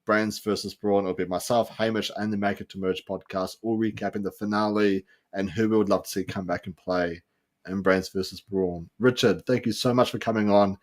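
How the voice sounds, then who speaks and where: A man's voice: on the low side, fairly even intonation, a little fast. Giggly rambling male podcast host. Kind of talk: casual podcast chat.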